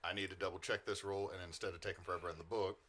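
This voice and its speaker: A man runs a tabletop horror game as its game master, describing eerie scenes and casually explaining the rules with plenty of fillers. His voice is low-ish, steady, fairly bright, and rapid-fire, with slight background noise.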